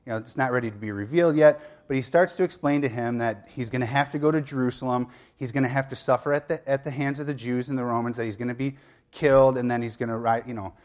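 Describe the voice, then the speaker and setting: A man's voice: medium pitch, steady tone, fast, darkish tone. A man preaching a sermon as a pastor, retelling a story in a conversational way with asides and light humor.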